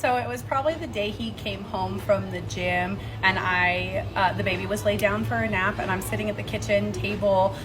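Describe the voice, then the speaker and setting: A woman's voice: medium pitch, fairly even intonation, normal speed, few pauses, music in the background. A woman telling a personal story casually, quoting her husband's words in a raised voice. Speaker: interviewee.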